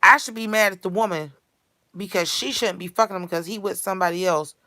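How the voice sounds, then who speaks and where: A woman delivering a blunt, foul-mouthed comedic rant in streetwise slang that builds to shouting. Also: mid-range voice, a little fast, no echo. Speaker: character monologue performer.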